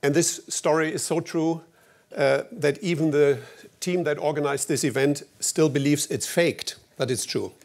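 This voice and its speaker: A man from Germany with a German accent, giving a formal opening speech at an award ceremony in a wry, anecdotal way with slightly halting phrasing. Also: fairly high pitch, vocal fry.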